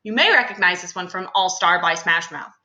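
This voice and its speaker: A woman's voice: lowish voice, animated, brisk, roomy sound, lo-fi sound, very noisy. A young adult woman teacher talking through a class lesson in a chatty, casual way with many fillers and asides.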